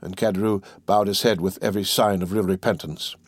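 A man narrating a classic novel in a measured, steady audiobook reading. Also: sits low, husky, no echo, studio quality.

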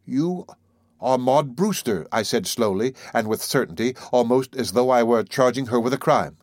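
Male audiobook narrator, mid pitch, even literary delivery, dry booth sound. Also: brisk, dry recording.

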